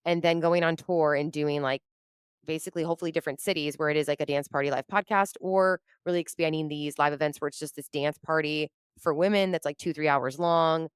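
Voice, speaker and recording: Smooth, low-pitched woman telling stories. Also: fairly quick, no echo, studio quality. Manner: animated, acts out her own quotes, laughs often. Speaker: podcast guest, comedian and entrepreneur. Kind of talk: casual storytelling chat.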